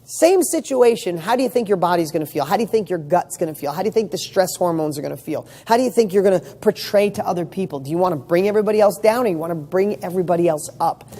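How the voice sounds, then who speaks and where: A man's voice: sits high, lively intonation, fast, few pauses, warm tone. A man giving a motivational talk, firing rhetorical questions with emphatic, casual delivery and the odd swear word. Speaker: motivational speaker.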